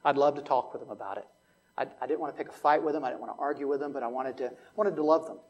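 A man's voice: mid-range voice, racing, muffled recording. A man preaching a sermon as pastor, telling a story and rising to emphatic preaching.

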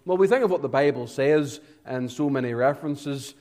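A man preaching an evangelistic sermon, swinging between hushed, low passages and loud, emphatic climaxes, drawing out key words. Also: normal speed.

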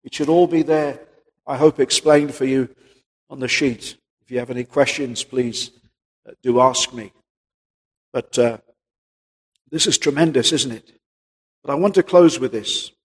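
A male preacher giving a sermon, posing rhetorical questions and swinging between loud and quiet passages. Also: medium pitch, unhurried, pauses often, breathy edge. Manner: rhetorical questions, rises and drops in volume. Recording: long hall reverb.

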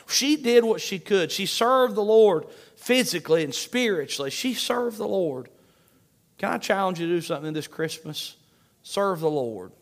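A man with a high voice preaches a sermon, driving home each point through repetition. His delivery is emphatic and steady, with scripture read aloud between points. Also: moderate pace. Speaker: pastor.

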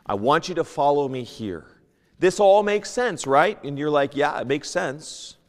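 A man's voice: a little high, a little slow. Man teaching scripture in a reverberant church. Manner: animated, swings from loud emphasis to hushed asides; reads King James scripture aloud. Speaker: Sunday school teacher. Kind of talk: Bible teaching, sermon.

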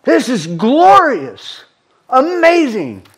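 Male Southern US preacher, high-pitched, fervent, slow, repetitive emphasis. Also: wildly swooping pitch, a bit bright, breathy edge. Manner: fervent, repeats words for emphasis. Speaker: pastor. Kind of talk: sermon.

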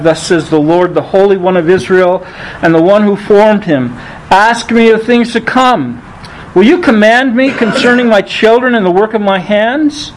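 A man preaching a sermon, reading scripture aloud and rising in pitch on the quoted lines, thinking aloud with restarts. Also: slight background noise, rough recording. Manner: rises in pitch when quoting scripture.

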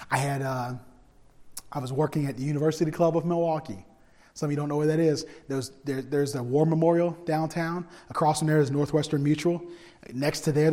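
Man preacher, lively storytelling sermon, humorous, slightly higher voice, long church reverb. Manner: animated, humorous, swings from loud to hushed.

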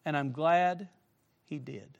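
A middle-aged man preaching to young people, with emphatic direct appeals and shifts between soft asides and loud, rising emphasis. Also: fairly high pitch, slow, creaky, lo-fi sound. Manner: emphatic, repeatedly urging listeners with direct appeals. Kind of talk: sermon to a youth congregation.

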